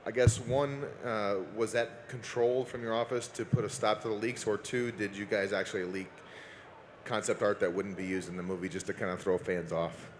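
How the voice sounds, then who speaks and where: Male audience questioner, lowish voice, friendly, hesitant. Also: steady tone, normal speed, slight background noise. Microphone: handheld audience mic.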